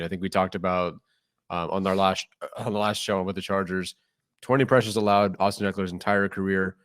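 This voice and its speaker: Male co-host: low-pitched, upbeat and assured, recorded close and dry. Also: no echo. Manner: upbeat, confident analysis. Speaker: podcast co-host. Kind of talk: casual sports podcast chat.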